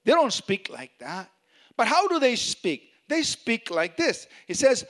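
A man's voice: very high-pitched, a little slow. A man preaching a sermon, reading scripture and asking the congregation if they follow him. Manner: animated preaching with questions to the congregation. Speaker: pastor.

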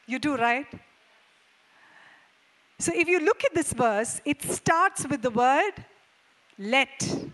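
A woman preaching a sermon, asking the congregation to answer back and swinging between loud emphasis and quick low asides. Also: expressive. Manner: call-and-response preaching, questions to the congregation.

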